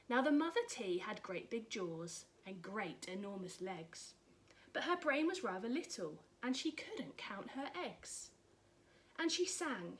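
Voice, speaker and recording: A woman reading a rhyming picture book aloud in an expressive, rhythmic way. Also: a little high. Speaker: storyteller.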